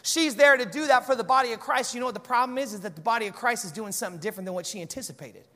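A man preaching a sermon to a church congregation, animated and conversational, with jokes between points. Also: very high-pitched, racing. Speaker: pastor. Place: large church hall. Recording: church hall with long reverb.

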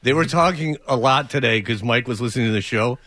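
A man hosting a sports radio show, bantering in an animated, incredulous and mocking way. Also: medium pitch, fast.

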